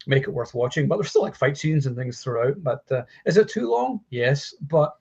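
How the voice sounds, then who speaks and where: A man co-hosting a casual film chat, talking in an animated way with lots of fillers and the odd swear word. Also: mid-range voice, moderate pace, creaky, breathy edge, highs cut off. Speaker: podcast co-host. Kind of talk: casual chat about films.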